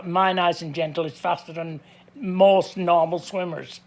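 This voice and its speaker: A man's voice: high voice, fairly even intonation, measured pace, gravelly. An older man giving a blunt, plain-spoken monologue to camera, repeating his points to drive them home. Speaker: vlogger.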